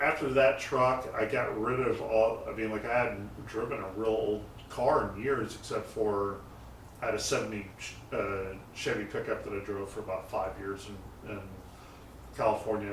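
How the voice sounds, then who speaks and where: A man's voice: fairly low pitch, fairly even intonation, moderate pace, fairly bright tone. A man who builds and paints custom cars, telling shop stories in a loose, rambling way with lots of fillers and restarts. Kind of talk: casual interview talk. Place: garage shop. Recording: roomy echo, mic set far off, faint noise.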